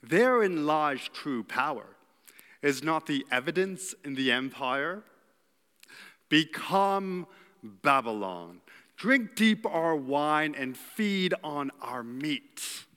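A man's voice: fairly high pitch, expressive, slow, sharp tone, exaggerated voice. A man voicing a scheming male court official of an ancient empire, with a theatrical evil old-world accent and a mocking, grandiose manner. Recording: long hall reverb.

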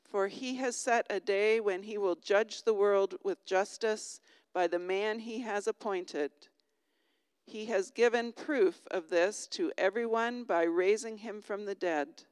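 A woman reads scripture aloud in a slow, measured cadence. Her voice is exceptionally clear and close on the mic. A long reverb from the hall trails behind each phrase. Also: mid-range voice, a little mellow. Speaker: scripture reader. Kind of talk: formal Bible reading.

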